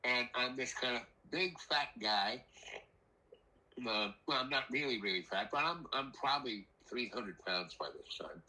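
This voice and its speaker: An older man telling a rambling personal story in a casual, animated way, acting out the voices of the people in it. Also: mid-range voice, unhurried, low-quality recording. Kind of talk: casual spoken anecdote.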